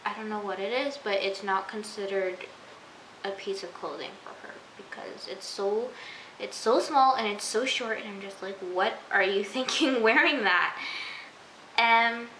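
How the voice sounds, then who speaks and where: A woman's voice: mid-range voice, unhurried, bright, forceful tone. A young woman recapping a TV episode in a chatty, giggly way, full of "like" and "you know". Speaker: TV episode reviewer. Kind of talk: casual recap vlog. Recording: echoey room with faint hiss.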